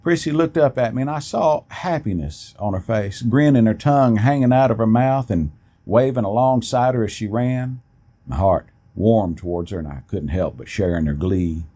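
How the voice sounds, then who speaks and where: A man reading a first-person story aloud in a plain, steady way, with an occasional restart. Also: fairly low pitch, moderate pace, breathy edge.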